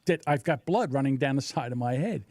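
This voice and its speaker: A man in his sixties telling a story in casual chat, acting out the people in it with animated voices. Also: medium pitch, fairly quick, no room sound, studio quality. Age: 60s. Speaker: podcast host.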